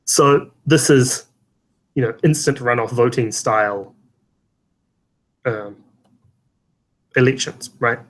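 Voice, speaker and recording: A man's voice: medium pitch, slow, pauses often, low-quality recording. A man on an election panel, explaining a ballot measure in a casual way that trails off loosely.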